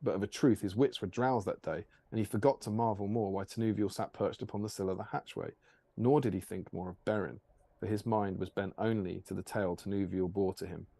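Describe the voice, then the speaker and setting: A man hosting a stream, reading an archaic fantasy tale aloud in a measured storytelling manner. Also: fairly low pitch, fairly even intonation, gravelly, warm tone, no room sound. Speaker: stream host.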